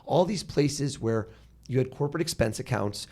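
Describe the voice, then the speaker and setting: An American man in his thirties, a podcast guest telling stories in an animated conversational way and acting out what others said. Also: mid-range voice, moderate pace. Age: 30s. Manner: animated, acts out quoted people. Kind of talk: conversational storytelling.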